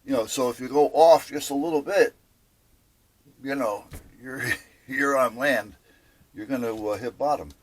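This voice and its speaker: A man's voice: medium pitch, a little slow, pauses often. An older man casually telling a long story, rambling with fillers and correcting himself as he goes. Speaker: boat owner telling a story.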